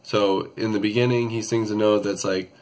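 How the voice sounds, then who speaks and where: A young man with a slightly low-pitched voice talks through a singing lesson in a loose, casual way. He rambles a little and fills gaps with ums and restarts. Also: moderate pace. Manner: relaxed, rambling with many fillers and restarts. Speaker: vocal tutorial host. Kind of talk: casual vocal tutorial.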